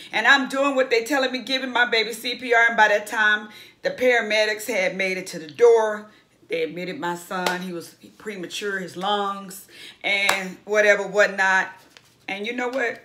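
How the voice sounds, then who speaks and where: A woman's voice: medium pitch, moderate pace, pushed and bright. A woman casually recapping a reality show, chatty and blunt, swearing freely and acting out what the cast said.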